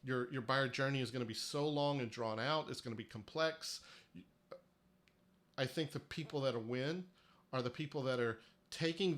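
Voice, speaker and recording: This is the host of a livestreamed marketing workshop, a man who talks emphatically and persuasively while frequently starting over. He has a medium-pitched voice with a fairly bright quality.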